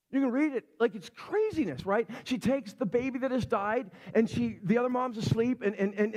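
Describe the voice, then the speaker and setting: A middle-aged man preaching a sermon as a pastor, telling stories in a chatty, animated way and acting out the people in them. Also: sits high. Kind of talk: sermon storytelling. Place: church sanctuary.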